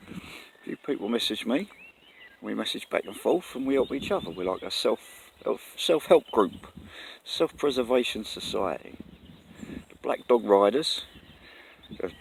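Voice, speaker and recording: A man's voice: fairly low pitch, vocal fry. A man talking casually and earnestly to camera outdoors in the countryside, rambling and correcting himself as he goes. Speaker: vlogger. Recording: faint outdoor noise, birds.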